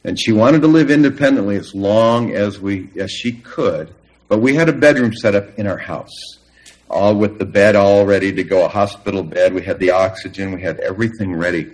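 A middle-aged man preaching a sermon, earnest and emphatic, with long pauses. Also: lowish voice, darkish tone, low-quality recording. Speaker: pastor.

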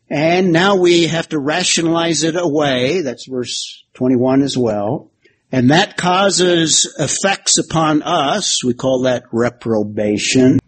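A man with a slightly high voice teaches a Bible passage verse by verse in sermon style, building an alliterative outline on a whiteboard. He jokes with the class as he goes, and there's a little background noise.

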